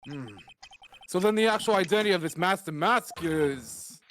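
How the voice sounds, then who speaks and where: A man's voice: high-pitched, moderate pace, fairly bright tone, long reverb tail, slight background noise. A man voicing a flustered, easily rattled elderly male judge who exclaims often.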